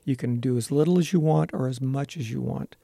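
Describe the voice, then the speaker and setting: Teacher guy being interviewed, gravelly voice, earnest, lots of uh's. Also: medium pitch, fairly quick, dark tone, no echo, studio quality. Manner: earnest, explains with frequent uh fillers. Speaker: elementary school teacher, interview guest. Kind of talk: explanatory interview talk.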